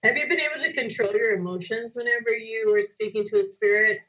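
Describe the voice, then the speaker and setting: A host talking earnestly in a casual conversation, asking open questions and sharing their own experiences. The recording sounds dull and lo-fi, with the highs muffled. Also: fast.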